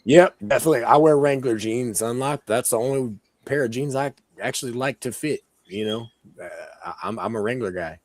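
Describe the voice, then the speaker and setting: A man with a hoarse, sick voice, rambling casually as a co-host on a live-streamed talk show. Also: medium pitch, a little fast, a little mellow, dry recording, clean studio sound. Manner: rambling, chatty, many "like" fillers and laughs. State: hoarse, sick with sore throat. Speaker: podcast co-host.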